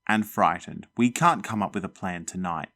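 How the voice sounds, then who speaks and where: A man voicing a shaken but steady father who speaks calmly. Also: low-pitched, normal speed.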